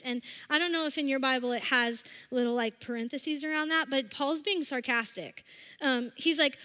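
A woman giving a casual, conversational sermon, acting out scripture scenes in lively voices. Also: sits high, moderate pace. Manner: chatty, acts out quotes with animated voices. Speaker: speaker at a church service. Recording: long reverb of a hall.

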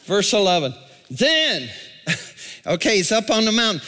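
A male pastor preaching a sermon, calling out to the congregation and swinging from shouts to a near-whisper. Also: sits high, big pitch swings, unhurried, long pauses, soft background music. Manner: call-and-response preaching. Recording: long reverb in a large hall.

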